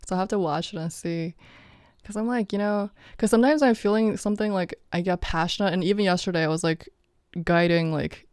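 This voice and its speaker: A woman's voice: lowish voice, brisk, darkish tone, dry recording, studio quality. A woman talking casually in a reflective vlog, rambling with many fillers and often breaking into laughter. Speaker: vlogger.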